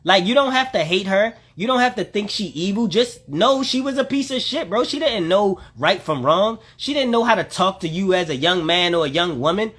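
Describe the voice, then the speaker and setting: Ведущий прямого эфира, мужчина, горячо и напористо комментирует, постоянно обращаясь к зрителям. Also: male voice, high-pitched, normal speed, hardly any pauses, breathy edge. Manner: animated, emphatic ranting with repeated asides to the listener. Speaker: livestream host. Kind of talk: heated commentary to live viewers.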